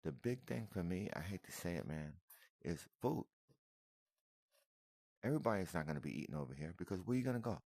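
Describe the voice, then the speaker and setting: A man's voice: low-pitched, lively intonation, racing, hardly any pauses, darkish tone, no echo. A man giving casual, emotional reaction commentary on video footage, repeating himself and calling the listener "man" and "brother". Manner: emotional, repetitive, addresses viewer as man and brother.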